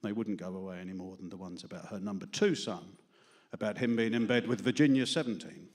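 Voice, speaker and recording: A man with a London accent and a lowish, slightly mellow voice moves briskly through stand-up and poetry at an open mic. His rambling humor is self-deprecating, and he laughs at his own jokes as a small studio audience listens.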